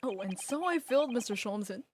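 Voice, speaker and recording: A woman streaming a game, excitable and giggly, reading the game text aloud. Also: a little high, brisk, slight background noise. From Canada. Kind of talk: let's play commentary. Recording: game music loud in the mix. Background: game music.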